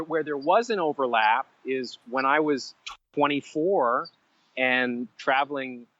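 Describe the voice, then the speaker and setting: A man telling stories as a podcast guest, animated and self-mocking, drifting into side stories. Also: medium pitch, lo-fi sound. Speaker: guest writer. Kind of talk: conversational storytelling.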